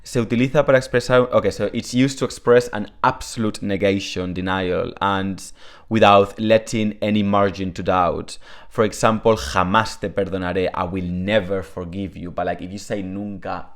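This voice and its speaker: Deep-voiced man teaching casually. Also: fairly even intonation, normal speed. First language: Spanish. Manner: chatty, many fillers, switches between Spanish and English. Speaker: Spanish teacher. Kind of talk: casual explanatory lesson.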